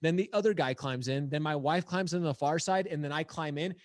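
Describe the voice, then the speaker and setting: A man's voice: a little high, brisk, no echo. A man telling a story in a casual podcast chat, acting out his own quoted lines and saying "like" and "dude" a lot. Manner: animated, acts out quotes. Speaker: podcast guest. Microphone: headphones on, live podcast.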